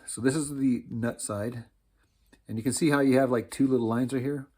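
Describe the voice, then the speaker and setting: A man's voice: mid-range voice, steady tone, moderate pace, a little mellow. A man casually explaining how he lays out frets for homemade string instruments, in a laid-back, rambling way with slang like "man" and "dude". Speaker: instrument builder teaching.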